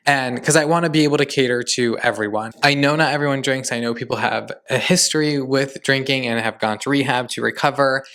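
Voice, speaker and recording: A man's voice: mid-range voice, fairly quick, hardly any pauses, fairly bright tone, smooth. A young man hosting his own podcast, chatting casually and gushing as he acts out his conversations in quotes. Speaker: podcast host. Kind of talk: casual solo podcast recap.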